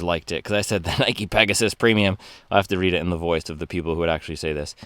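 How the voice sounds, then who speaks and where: A man's voice: on the low side, no room sound. A man talking casually to camera in a vlog, reviewing running shoes from a parked car in upbeat, slangy hype talk. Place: parked car on a rainy day.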